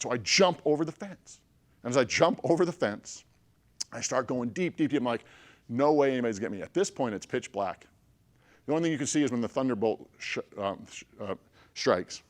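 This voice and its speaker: A man telling a personal story to a group of listeners. He talks in an animated way, swinging between loud bursts and hushed stretches and checking in with his listeners as he goes. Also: medium pitch. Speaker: motivational speaker.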